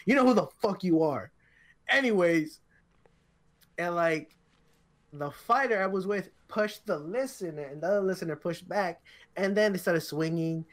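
Young man, podcast co-host, tired, rambling, profane, casual chat, slightly high voice. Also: moderate pace. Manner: rambling and profane, with frequent restarts.

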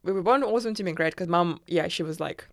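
A young woman from Kazakhstan telling her story in a casual interview, chatty, with lots of fillers and lively quoted voices. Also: fairly low pitch, fast talker, no echo, clean studio sound. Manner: chatty storyteller, many fillers, laughs often, animated quoting. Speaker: interview guest.

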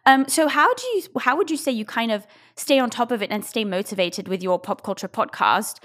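A woman's voice: fairly high pitch, expressive, brisk, fairly bright tone. A young woman hosting a podcast with a mixed, partly English-sounding accent, talking casually, bluntly and with frequent swearing. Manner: blunt, opinionated, swears freely. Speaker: podcast host.

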